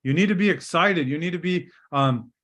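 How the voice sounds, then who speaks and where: Middle-aged male sales coach, slightly high voice, punchy and direct, on a video call from a hotel room. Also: moderate pace. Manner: energetic, direct, coaching with role-played sales lines. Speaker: sales trainer. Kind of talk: live online training session.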